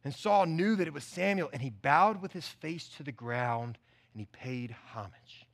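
A man preaching a sermon in an animated, conversational way, with asides to the congregation. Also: fairly high pitch, normal speed, gravelly. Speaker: pastor.

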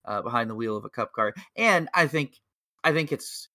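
A man talking on a casual podcast, rambling and excitable, with plenty of filler words. His voice is bright and forceful. The sound is close and dry, with no room around it. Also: mid-range voice, moderate pace, no room sound. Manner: excitable, laughs at own jokes. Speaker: podcast co-host. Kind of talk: casual chat.

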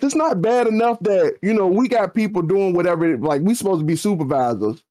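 A man co-hosting a podcast, ranting in loose slang. His voice sits a little on the high side and jumps sharply upward when he stresses a point. He talks in casual, heated bursts. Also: fairly quick, few pauses. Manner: animated ranting with slang, voice jumping up for emphasis. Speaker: podcast co-host.

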